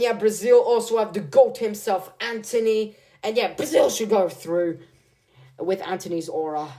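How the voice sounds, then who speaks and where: This is a young man chatting through his football predictions. His delivery is loose and slangy, with lots of filler, repeated words and restarts as he thinks out loud. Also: high voice. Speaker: football video creator. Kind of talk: casual prediction commentary.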